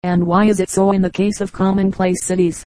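A woman reading a travel memoir aloud as a volunteer audiobook narrator, in an even, unhurried way with light voicing of the dialogue. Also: mid-range voice, dry recording, low-quality recording. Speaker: audiobook reader. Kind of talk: scripted narration.

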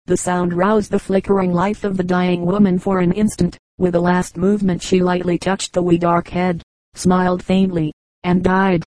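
A woman narrates an audiobook in a lowish, level voice. Her reading is steady and measured. The sound is dry and close. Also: dry recording, low-quality recording. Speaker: audiobook reader.

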